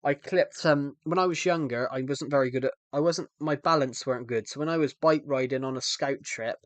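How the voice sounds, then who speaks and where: A man's voice: medium pitch, a little fast, no echo. A young man with a British accent who streams games, chatting casually in a rambling, self-correcting way. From United Kingdom. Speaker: game streamer. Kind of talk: casual live-stream chat.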